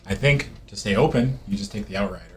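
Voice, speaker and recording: A man's voice: lowish voice, quick pace, fairly bright tone, a little hiss or hum. A man co-hosting a card game stream, casually thinking aloud as he weighs picks. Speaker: co-host. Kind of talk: casual chat while drafting a card game.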